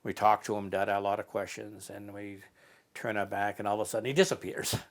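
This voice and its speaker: A man in an interview, telling stories in a casual, halting way with many fillers. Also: on the low side, level tone. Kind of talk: casual storytelling.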